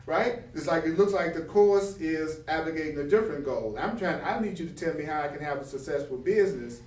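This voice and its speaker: Guy teaching a spiritual lesson, kinda high voice, reads a bit then asks "so what do we do?", roomy echo, sits back from the mic. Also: a little fast, distant mic. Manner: reads passages then explains them with rhetorical questions; animated, acts out example dialogue.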